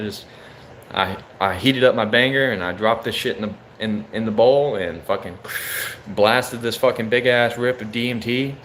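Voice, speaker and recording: A man's voice: on the low side, fairly bright tone, slight background noise. A young man casually telling a story, loose and profane, saying bro often.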